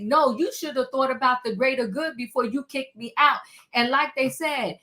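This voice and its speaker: A woman's voice: high-pitched, moderate pace, pushed and bright. A woman co-hosting a casual TV recap chat, sassy and emphatic, repeating words for effect. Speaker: podcast co-host.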